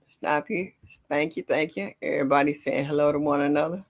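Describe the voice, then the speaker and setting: An older woman hosting a casual gardening livestream, greeting viewers by name and chatting warmly. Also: low voice, fairly even intonation, brisk, few pauses. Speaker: livestream host.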